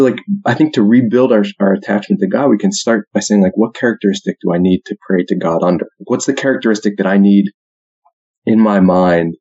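Husky guy in his thirties, low voice, chatty with lots of "like", kinda muffled lo-fi sound. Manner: conversational, says "like" and "right?" a lot, acts out quotes loudly. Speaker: speaker. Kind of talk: casual faith talk. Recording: muffled lo-fi recording.

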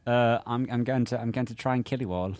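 Deadpan ghost girl done by a man, flat delivery, radio comedy bit. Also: medium pitch, quick pace, no room sound, natural voice. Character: spooky dead little ghost girl, deadpan.

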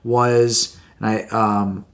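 A man's voice: on the low side, flat delivery, drawn-out words. Rambling podcast co-host, a man. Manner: rambling, self-correcting. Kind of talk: casual chat.

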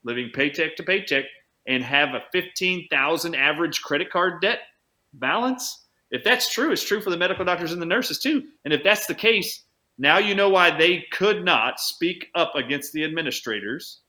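Bright-voiced man telling a story. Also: fairly high pitch. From United States. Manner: animated anecdote-teller, speeds up and slows down for emphasis. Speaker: chiropractor, interview guest. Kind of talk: conversational storytelling.

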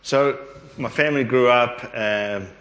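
A middle-aged Australian man telling a long personal story as an interview guest, rambling and animated, with quick asides. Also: medium pitch. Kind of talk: storytelling testimony. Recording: echoey room with long reverb.

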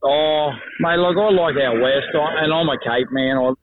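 Relaxed Australian male caller, phone-line audio, matey tone. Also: on the high side, moderate pace, dry recording. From Brisbane, Australia. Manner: laid-back, matey. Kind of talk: phone-in chat. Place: on the road in his car.

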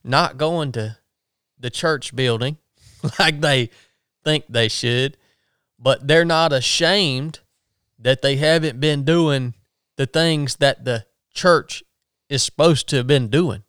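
A man's voice: mid-range voice, a bit bright, clear, resonant tone, no room sound. Guy talking easygoing and folksy, dry close mic sound. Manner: folksy, easygoing, quick agreeing. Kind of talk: casual podcast chat.

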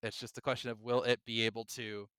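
A man co-hosting a casual gaming podcast, talking with excited energy and now and then acting out his own reactions. His voice is bright and crisp, with a dry close-mic sound. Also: medium pitch, quick pace, no echo. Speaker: podcast co-host. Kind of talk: casual chat.

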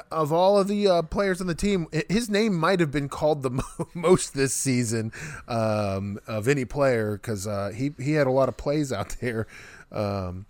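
A man's voice: medium pitch, no room sound. A man hosting a casual sports podcast, chatty and rambling, with many fillers. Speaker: podcast host.

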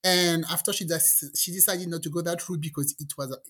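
A woman telling a personal story in casual chat, acting out what people said with lively energy. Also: on the low side, a little fast, husky. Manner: animated storyteller, acts out quotes.

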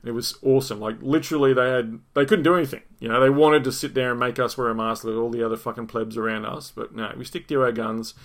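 Speaking quickly with few pauses, a middle-aged Australian man hosts a podcast and tells a story in a casual, rambling, profane monologue. His mid-range voice keeps fairly even intonation as he repeats words and restarts sentences.

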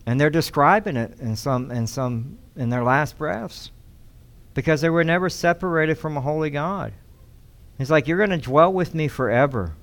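A male pastor gives a sermon in an easygoing, conversational way, often saying key lines twice. His voice is clear and smooth and sits at a middle pitch. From United States. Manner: conversational teaching, repeats key phrases.

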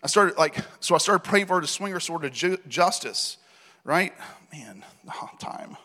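A man preaches to a congregation with a fairly high voice. He tells his stories in an animated way, acting out the dialogue and laughing as he goes. The sound carries a long hall reverb. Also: moderate pace. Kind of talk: sermon storytelling. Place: church hall.

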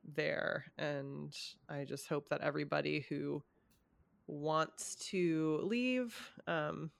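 A woman's voice: sits low, takes it slowly, gravelly, no room sound. A young woman in a casual conversation about current events, hesitant with many ums and small laughs.

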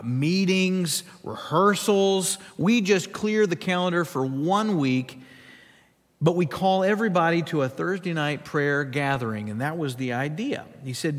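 A man's voice: sits high, fairly bright tone, long reverb tail. A man preaching a sermon as a pastor, telling a story with humorous asides.

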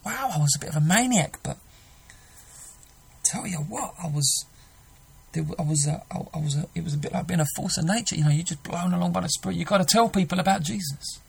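A man's voice: a little high, fairly quick, vocal fry, husky, poor audio. A man preaching a sermon, earnest and emphatic, often restarting his sentences.

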